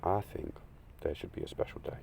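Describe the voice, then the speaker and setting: A man crying through a rambling, emotional monologue, swearing often and swinging between loud outbursts and hushed, near-whispered lines. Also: fairly quick, slight background noise.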